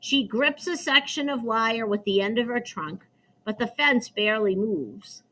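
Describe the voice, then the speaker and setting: A woman reading a children's novel aloud chapter by chapter, in a slow, expressive storytelling manner. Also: on the high side, low-quality recording. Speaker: reader.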